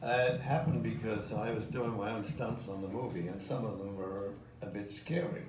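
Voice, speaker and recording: An older Australian man with a fairly low, fairly even voice speaks at a moderate pace as a guest at a live stage interview, chuckling through his anecdotes. The event takes place in a museum hall with an audience, and the recording is noisy, echoey, and picked up from far away.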